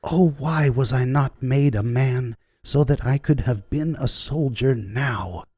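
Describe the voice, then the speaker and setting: A man's voice: medium pitch, expressive, measured pace, warm tone, slightly rough, dry recording, voice pushed up. Man voicing an anguished woman dreamer.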